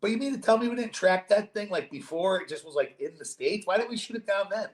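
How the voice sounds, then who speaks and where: A young man hosting a podcast in casual chat, animated, jokey and swearing freely. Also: high voice, quick pace. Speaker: podcast host. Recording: roomy echo.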